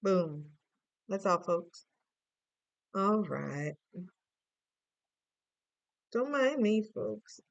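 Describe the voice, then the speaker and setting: A woman's voice: medium pitch, very animated, extremely slow, vocal fry, pauses often, dry recording, lo-fi sound. A woman giving a casual tarot reading, playful and musing aloud with chatty asides. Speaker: tarot reader.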